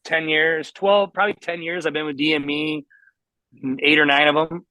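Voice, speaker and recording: A man's voice: fairly high pitch, fairly even intonation, moderate pace, sharp tone, dry recording, rough recording. A man in his thirties, a racing guest telling long self-mocking stories in a casual interview. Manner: rambling, self-mocking storyteller.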